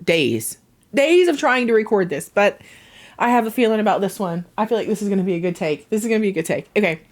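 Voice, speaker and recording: A woman's voice: medium pitch, lively intonation, quick pace. Woman just chatting on her podcast at home, all over the place, cracks herself up. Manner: chatty, laughs at own jokes, rambling. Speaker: podcast host. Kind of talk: casual chat.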